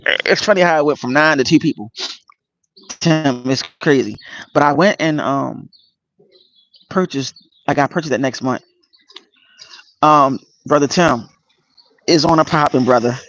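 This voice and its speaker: A man hosting a casual livestream, greeting viewers by name and speaking earnestly and emotionally about his spiritual path, with many pauses and fillers. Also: on the high side, fairly bright tone, a little hiss or hum. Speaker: channel host. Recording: dull lo-fi dry sound.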